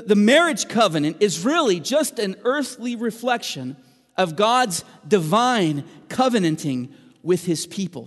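A man preaching a sermon as pastor, moving between emphatic and hushed delivery. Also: high-pitched, in a large hall.

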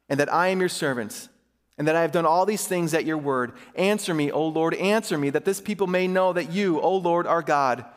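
Male pastor with a high voice, reads scripture and breaks off to comment plainly, long hall reverb. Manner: reads scripture aloud, then stops to comment in everyday speech. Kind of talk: sermon with scripture reading.

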